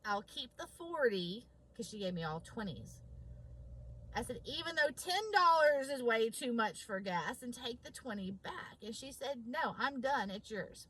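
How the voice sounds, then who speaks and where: A woman's voice: fairly high pitch, sing-song, a little slow, fairly bright tone, breathy edge, low-quality recording. A woman vlogger telling a personal story, acting out both sides of a conversation with emphasis. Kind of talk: storytelling vlog.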